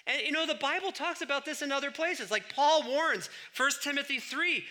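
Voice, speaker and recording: A middle-aged man preaching a sermon, swinging between loud emphatic bursts and quiet asides. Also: very high voice, normal speed. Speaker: pastor.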